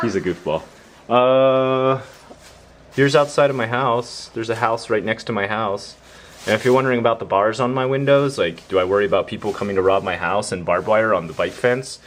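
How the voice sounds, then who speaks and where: A man's voice: on the low side, sing-song, normal speed, a bit bright, a little hiss or hum. A young man giving a casual, rambling home-tour vlog inside his house, self-deprecating and full of fillers.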